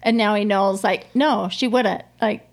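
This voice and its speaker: A middle-aged woman telling a personal story as an interview guest, in a heartfelt, halting way with many restarts. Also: medium pitch, steady tone. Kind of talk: conversational interview.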